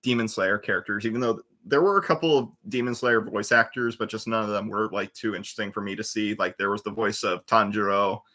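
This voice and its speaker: A man in his twenties hosts a livestream and chats loosely, often restarting and trailing off. His voice is lowish and bright. He is captured on a computer microphone. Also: fairly even intonation, a little fast, hardly any pauses. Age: 20s. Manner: rambling, with restarts and trailing fillers. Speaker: livestream host. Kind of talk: casual livestream chat. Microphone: computer webcam mic.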